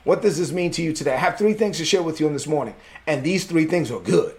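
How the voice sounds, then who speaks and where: A man's voice: fairly high pitch, fast, background noise. A man preaching a sermon as pastor, emphatic and repetitive as he reads and explains scripture.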